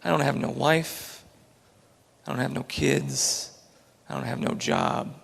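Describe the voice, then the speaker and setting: A man voicing a big, drunk, grieving man in a story, speaking in a low, flat mumble. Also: slow pace, gravelly, big-room sound, exaggerated voice. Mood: mournful.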